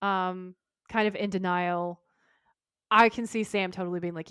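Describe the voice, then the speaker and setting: A woman's voice: lowish voice, fairly even intonation, moderate pace, fairly bright tone, smooth, no room sound. Chatty woman recapping scenes on a dry mic. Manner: chatty, recounts scenes and reads dialogue aloud, giggles often. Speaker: podcast co-host. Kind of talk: casual recap chat.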